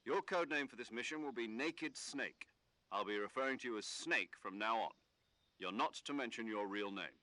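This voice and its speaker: A British military commander briefing his operative in a game cutscene. His delivery is crisp and instructive, with a bright, forceful tone. The recording is dry and close. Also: mid-range voice, animated, normal speed, no room sound. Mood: instructing. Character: commanding older male military officer on radio. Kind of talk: video game cutscene dialogue.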